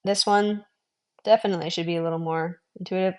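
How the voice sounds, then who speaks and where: A young adult woman giving a video language lesson, patiently explaining and repeating sounds slowly so learners can follow. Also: lowish voice, steady tone, darkish tone, muffled recording. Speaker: language teacher.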